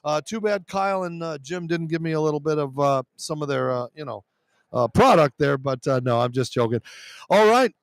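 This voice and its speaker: A high-pitched man signs off a sports talk show, tired and a bit hoarse from a long day of broadcasting. He rambles casually through sponsor plugs with plenty of fillers, close on a dry, direct mic. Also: steady tone, fairly quick, hardly any pauses, no room sound. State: tired, losing his voice. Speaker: show host. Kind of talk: live radio show sign-off with sponsor reads. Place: busy media row at a sports event.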